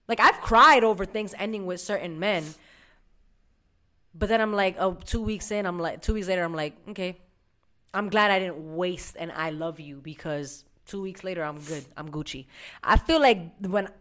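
A woman's voice: medium pitch, a bit bright. Reflective woman thinking aloud in slang. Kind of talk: casual chat.

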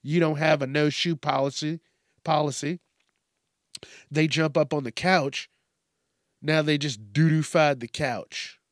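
A man hosting a profane comedic news show, ranting and telling stories in a crude, animated way. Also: fairly high pitch, a little slow, pauses often, dry recording, studio quality. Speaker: show host.

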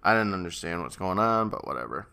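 A man co-hosts a podcast, reacting with wry, animated banter. His voice is low, yet bright and forceful, and it swings widely in pitch. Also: quick pace, gravelly, clean tone. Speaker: podcast co-host. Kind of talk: casual chat.

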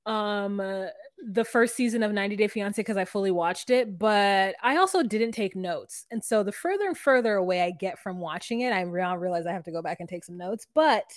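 A woman's voice: medium pitch, a little fast, no echo, studio quality. A woman co-hosting a podcast, recapping reality TV in casual chat and acting out quotes with animation. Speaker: podcast co-host.

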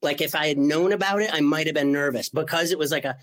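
A man in his forties telling a story as an interview guest, animated and full of "like" fillers. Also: fairly high pitch, quick pace, hardly any pauses. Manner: animated, acts out quoted voices, many "like" fillers. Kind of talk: storytelling in conversation.

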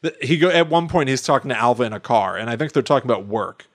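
A man's voice: mid-range voice, expressive, quick pace. A man co-hosting a podcast, chatting casually and thinking aloud with frequent restarts. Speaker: podcast co-host. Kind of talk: casual chat.

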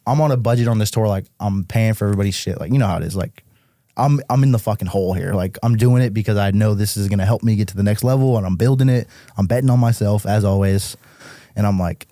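A young man from Massachusetts, a musician guest on a podcast, telling tour stories in a casual, animated way, swearing often and saying "like" a lot. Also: on the low side, dry recording, studio quality.

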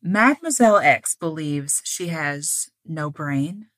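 A woman co-hosting a podcast, telling a story in a casual, animated way and acting out the people in it. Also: low-pitched, slow pace, no echo. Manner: animated, acts out quoted characters, laughs often.

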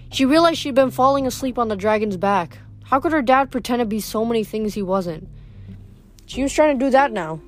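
A woman reading a novel aloud in steady storytelling narration. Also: fairly high pitch. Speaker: reader.

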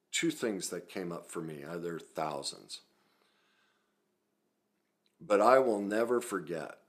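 Man, very low voice, self-help coach, talking straight to camera, animated, acts out quotes. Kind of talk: video talk to viewers.

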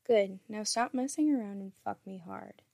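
A playful, eager woman lover, put on by a woman reading aloud in an erotic story. She sounds teasing and breathless. Her voice has a gravelly edge and is recorded close with no room sound. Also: mid-range voice, animated, normal speed, dark tone, dry recording.

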